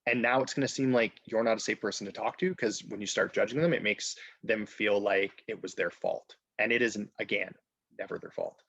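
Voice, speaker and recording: A man's voice: on the low side, steady tone, fairly quick, fairly bright tone, breathy edge, no echo. A man presenting a training webinar, earnest and direct, often checking in with "okay?". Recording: dull lo-fi webinar audio.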